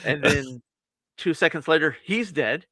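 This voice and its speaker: Retelling a movie's story for his review podcast, this co-host speaks unhurriedly in a fairly high male voice, free of echo. He performs the characters' lines with gusto and laughs a lot throughout the casual conversation.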